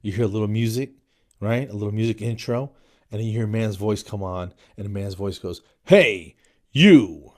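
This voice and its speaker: A man's voice: on the low side, little pitch movement, a little fast, dark tone. A man in his forties, from New Jersey, hosting a podcast in a jokey comedic monologue that he peppers with "man" and "dude". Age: 40s. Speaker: podcast host.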